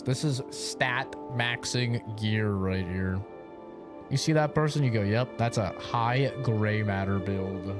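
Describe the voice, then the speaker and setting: Excitable, swearing man streaming a game. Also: on the low side, takes it slowly. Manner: profane, excitable, jokey. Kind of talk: casual gameplay commentary. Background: game music.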